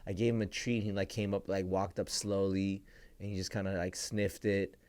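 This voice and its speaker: A young man co-hosting a podcast tells a story in a rambling, casual way, packed with "like" and "bro." His voice is deep and darkish, level in tone, and a little fast.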